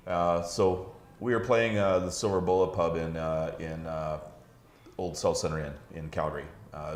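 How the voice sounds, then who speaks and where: A man with a very deep voice hosts casual pub talk and wanders through his stories with many restarts. The room around him adds a roomy echo. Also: slight background noise. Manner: rambling, many fillers and restarts. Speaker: host. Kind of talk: casual bar chat.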